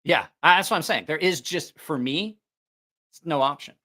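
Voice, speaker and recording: A man's voice: a little high, moderate pace, bright, forceful tone. A man hosting a livestream about knives, chatting casually and rambling, often correcting himself and cracking jokes. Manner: rambling, self-correcting, jokey. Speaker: knife channel livestream host.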